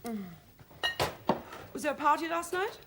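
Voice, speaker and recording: A woman's voice: high voice, expressive, unhurried, heavy background noise. An actress playing a brash, tipsy society woman in a period television drama, gushing in affected upper-class chatter.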